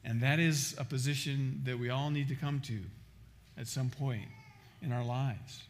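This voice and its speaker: A man's voice: medium pitch, steady tone, unhurried. A man preaching a sermon as pastor, emphatic, often restarting and repeating words.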